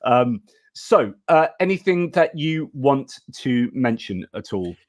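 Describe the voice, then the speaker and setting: Male host, hesitant halting delivery, dry close recording. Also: mid-range voice, very animated, no room sound. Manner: hesitant, many fillers and restarts. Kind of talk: casual live-stream conversation.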